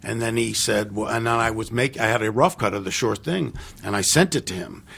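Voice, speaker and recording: An older man, a film director guest on a podcast, telling animated anecdotes, acting out other people's lines and restarting his sentences with lots of fillers. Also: fairly low pitch, fairly quick, gravelly, breathy edge. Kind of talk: casual storytelling interview.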